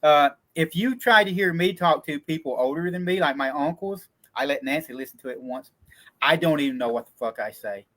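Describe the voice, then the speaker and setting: A man's voice: on the high side, brisk, a bit bright. A man with a Southern Kentucky accent, hosting a casual chat about filmmaking, talking in rambling bursts with many stammered restarts. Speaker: host, indie filmmaker.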